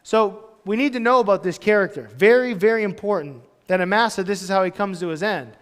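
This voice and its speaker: A man's voice: sits high, fairly quick, fairly bright tone, clean tone, big-room sound. A pastor in his thirties giving a casual, storytelling sermon, full of loose conversational asides. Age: 30s. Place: church hall.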